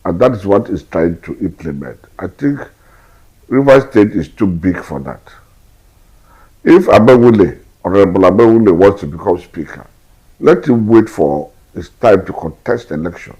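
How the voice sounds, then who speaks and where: A Nigerian-accented man speaks in a deep, husky voice. He argues hard, piling up rhetorical questions and hammering the same point again and again. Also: lively intonation, moderate pace, muffled recording. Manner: forceful, repetitive rhetorical questions. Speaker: political commentator. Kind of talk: emphatic political commentary.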